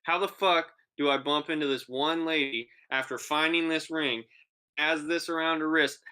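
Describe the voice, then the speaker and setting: A man's voice: fairly high pitch, normal speed, clear, resonant tone. A young man co-hosting a podcast, telling a long, profane story in casual chat and acting out the voices of the people in it. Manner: animated, profane, acts out quoted voices. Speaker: podcast co-host.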